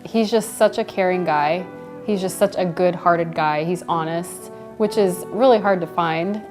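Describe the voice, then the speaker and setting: A woman's voice: fairly low pitch, unhurried, music in the background. A woman chatting casually about her engagement, laughing lightly between phrases with many ums and likes. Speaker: bride telling how she was proposed to. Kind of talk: casual personal storytelling to camera.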